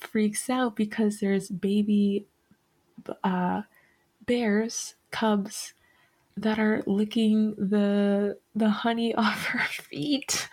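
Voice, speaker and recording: Slow, rambling woman podcast host. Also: medium pitch, a little mellow. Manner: rambling, self-correcting, many fillers. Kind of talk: casual chat.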